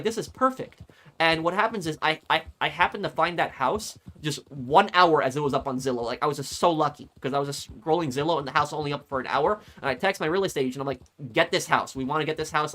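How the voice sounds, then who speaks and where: A man's voice: mid-range voice, a bit bright. A man streamer telling a long story in casual chat, rambling and repeating words as he goes. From United States.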